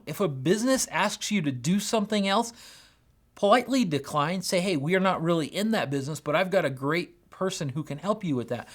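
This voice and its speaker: Energetic high-voiced male podcast host. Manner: energetic, enthusiastic, conversational; acts out quoted dialogue in animated voices. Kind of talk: solo business podcast talk.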